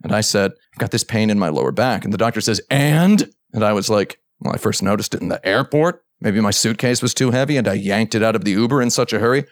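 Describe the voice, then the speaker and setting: Low-voiced man telling a comic doctor story. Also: fast talker, hardly any pauses, no echo. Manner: acts out both sides of a story, jumping into a high voice for others' lines. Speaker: podcast host. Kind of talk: casual chat, telling a long comic anecdote.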